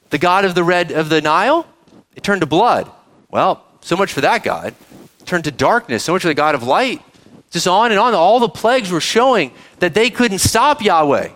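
A man preaching a sermon, reading verses and asking the congregation questions, speaking to kids too. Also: high voice. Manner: animated preaching, asks the audience questions, addresses kids. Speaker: pastor.

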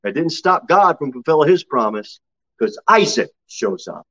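A male pastor in full sermon, his fairly high voice dropping low for quiet asides and then climbing to ringing high exclamations. The recording sounds dull and lo-fi. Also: big pitch swings, moderate pace.

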